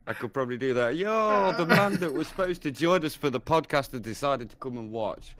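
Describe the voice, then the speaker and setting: A man's voice: medium pitch, expressive, normal speed, crowd noise. A man hosting a casual podcast, chatty and laid-back, swearing now and then. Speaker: podcast host.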